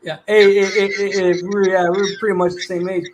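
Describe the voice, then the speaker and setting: Young male streamer, high-pitched, easygoing slangy delivery, quick to laugh. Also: flat delivery, a crowd in the background. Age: 20s. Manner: laid-back slangy talk, laughs often. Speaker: livestream host. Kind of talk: casual livestream chat.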